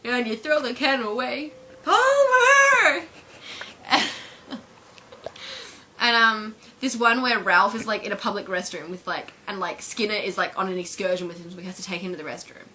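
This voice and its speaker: A young woman chats casually to a camera her sister holds, giggling and stringing her thoughts together with lots of fillers. Her voice is bright and clear, with a faint hiss of noise behind it. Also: mid-range voice, steady tone, quick pace, hardly any pauses. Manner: chatty, giggly, full of fillers. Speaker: vlogger. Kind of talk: casual chat, retelling favourite scenes. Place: at home, with her sister filming.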